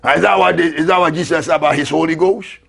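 A man preaching a fiery sermon as an apostle, who shouts, repeats his lines and laughs between them. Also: a little high, steady tone, fast, vocal fry, husky.

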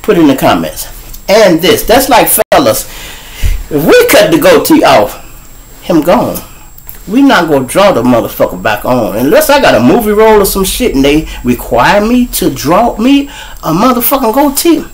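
A man with a Chicago accent tells stories to his viewers in a lively, up-and-down voice. He is loose and profane and keeps calling out to the audience. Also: a little high, moderate pace, poor audio. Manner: profane, animated, addresses viewers directly. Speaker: show host. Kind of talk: storytelling monologue.

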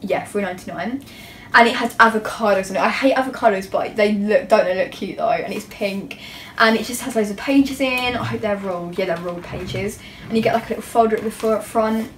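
A woman's voice: medium pitch, fairly quick, echoey room, recorded from a distance, a little hiss or hum. A teenage girl, chatting in a gushing, self-mocking way as she shows off school supplies in a casual vlog. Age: teens. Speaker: YouTuber.

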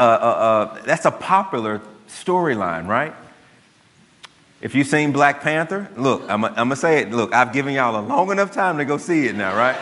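A man, a pastor giving a sermon and telling a story in a relaxed, conversational way. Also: mid-range voice. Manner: conversational storytelling, dry asides to the congregation. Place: church sanctuary. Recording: long church hall reverb.

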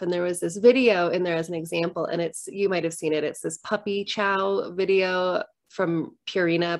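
A middle-aged woman who works as a divorce coach, talking candidly and gently to the camera from a room at home. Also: medium pitch. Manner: earnest, gentle, reflective.

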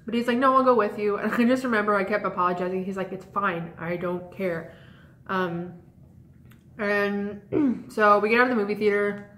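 A woman's voice: mid-range voice, normal speed, a bit bright. Young woman vlogging a storytime, rambly, says like a lot, roomy echo around her. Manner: chatty, rambling, lots of "like" and "um". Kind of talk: casual storytime chat. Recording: echoey room.

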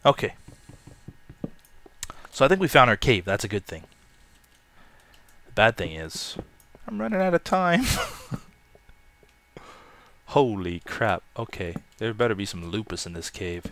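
Guy narrating his game, pretty low voice, slow chatty and self-mocking, yells when surprised. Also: dry recording. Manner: chatty, self-mocking, loud excited outbursts. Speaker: let's play gamer. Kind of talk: casual game commentary.

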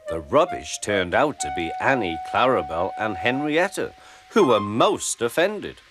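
Slow expressive male storyteller. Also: lowish voice. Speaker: narrator. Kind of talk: storybook narration. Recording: music playing underneath.

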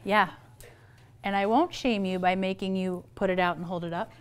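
A woman's voice: medium pitch, steady tone, moderate pace, a little hiss or hum. A middle-aged woman therapist giving a humorous, chatty talk to parents, acting out the people she quotes. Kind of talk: lively talk to an audience of parents.

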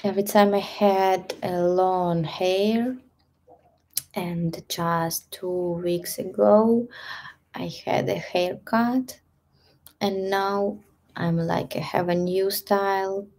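Woman, Russian accent, live-stream chat, mellow gravelly voice, halting English. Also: medium pitch, steady tone. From Ukraine. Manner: halting non-native English with frequent soft whispered asides. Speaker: gymnastics and stretching coach.

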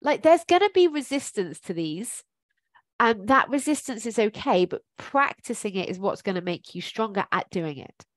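A woman talks through advice like a life coach, in a friendly, encouraging way that keeps circling back with ums. Her voice sits at an ordinary middle pitch. The recording is close and dry, with no room sound. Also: sing-song, normal speed, no echo. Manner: chatty and encouraging, thinks aloud with many ums. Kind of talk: informal coaching talk.

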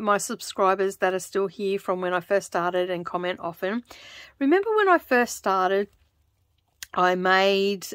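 An Australian woman chatting casually as she stitches, rambling and laughing often, keeping her voice lowered toward a close microphone in her home craft studio. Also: a bit bright, no room sound. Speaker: craft vlogger. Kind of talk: casual chat while stitching. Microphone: close microphone in front of her.

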